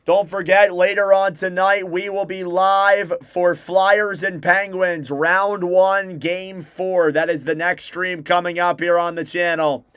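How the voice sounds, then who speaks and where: Young guy doing hockey play by play on a stream, highish voice, clean and dry sound. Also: level tone, fairly bright tone, clean tone, no echo. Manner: rapid name-calling play-by-play, self-correcting. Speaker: fan livestream play-by-play host. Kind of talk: live hockey play-by-play commentary.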